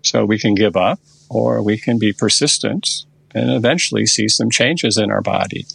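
Older man, husky and gravelly, unhurried storyteller, dry close sound. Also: fairly low pitch, a bit bright, no echo. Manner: unhurried, recounts a session step by step. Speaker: therapist guest. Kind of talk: conversational storytelling in a podcast interview.

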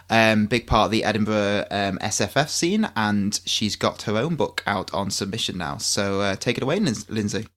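A man's voice: on the low side, a bit bright. A man co-hosts a podcast in easy, casual chat. He jokes around and breaks into laughter partway through his sentences. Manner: jokey, laughs often mid-sentence. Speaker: podcast co-host.

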